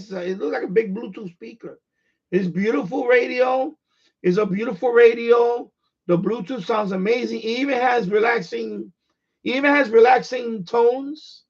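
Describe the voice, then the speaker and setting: This man, a radio hobbyist who live streams, was born in Puerto Rico and grew up in the Bronx, and his New York accent comes through as he chats bluntly and casually, wandering off and saying things again. He has a very high, creaky, husky voice, captured in dull, lo-fi stream audio.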